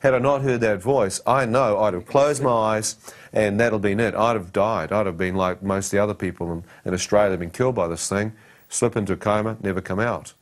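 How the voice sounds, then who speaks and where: A man's voice: on the low side, fairly quick. A man giving a personal testimony, telling his story dramatically and acting out the dialogue and his own thoughts.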